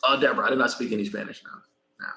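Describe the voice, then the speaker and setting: A man's voice: mid-range voice, fairly even intonation, rapid-fire, pushed and bright. A man in a casual, loose chat, answering viewers' comments as he talks and laughing often. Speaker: vlogger answering live chat. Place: echoey room. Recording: echoey room sound.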